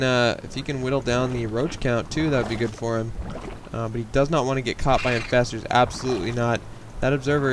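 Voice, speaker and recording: A man's voice: mid-range voice, a little hiss or hum. A man casting a video game match in a casual, joking play-by-play style. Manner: casual, jokey, builds to excited shouting. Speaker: game caster. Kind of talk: esports play-by-play commentary.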